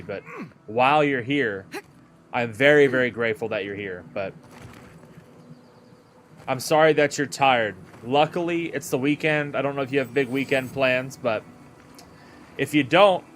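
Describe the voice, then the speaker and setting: An easygoing male streamer, mid-pitched, talking casually to viewers while he plays. He rambles, repeats words as he thinks, and keeps things relaxed, with faint noise underneath. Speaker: game streamer. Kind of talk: casual live-stream chat while gaming.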